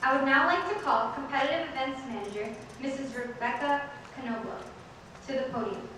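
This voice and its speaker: A woman's voice: sits high, brisk. A woman serving as emcee, reading formal introductions and announcements carefully, sometimes stumbling on words. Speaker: student officer emcee. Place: large convention hall. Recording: echoey hall from far off, noisy.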